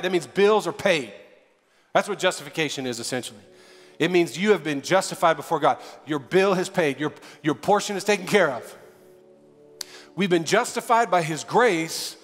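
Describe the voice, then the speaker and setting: Fervent high-voiced preacher in a reverberant church. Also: male voice. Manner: fervent, rising to near shouting. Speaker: pastor. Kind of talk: sermon. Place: church sanctuary.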